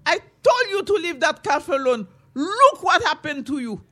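A woman's voice: extremely high pitch, big pitch swings, normal speed, a bit bright, voice pushed up, exaggerated voice. A woman voicing Mali, a folktale wife who scolds her husband with a told-you-so tone. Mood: scolding.

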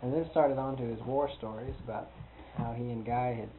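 A man's voice: mid-range voice, steady tone, brisk. Amused man telling a rambling story. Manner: rambling, amused, chuckles often. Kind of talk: personal storytelling. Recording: tinny phone-like with hiss.

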